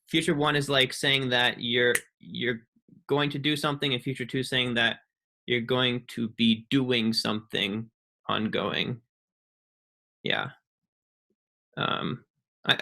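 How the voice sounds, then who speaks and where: Young male student presenter, bright voice, halting, filler-heavy delivery. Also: medium pitch. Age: young adult. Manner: halting, many ums and restarts. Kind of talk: casual online presentation.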